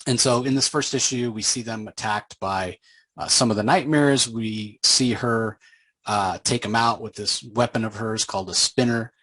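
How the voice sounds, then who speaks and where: A man with a lowish voice, talking through a comic book story in a loose, meandering recap. He stops often on small fillers while he gathers his thoughts. The sound is close and dry, with no room around it. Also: a bit bright, no echo, rough recording. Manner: rambling, with frequent filler pauses.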